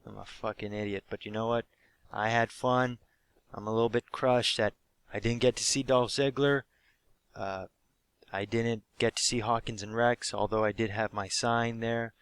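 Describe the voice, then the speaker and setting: A young man with a sore, hoarse throat, recapping a live wrestling show he went to in an animated, swear-heavy way. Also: lowish voice, moderate pace, no room sound. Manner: animated storytelling, swears freely, acts out quotes. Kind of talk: casual excited recap.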